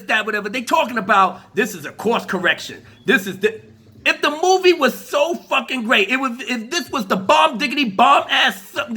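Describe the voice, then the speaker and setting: Man, lively swooping pitch, very bright tone, casual profane rant, mocking, laughing, stammering. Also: vocal fry, breathy edge. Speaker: commentary vlogger.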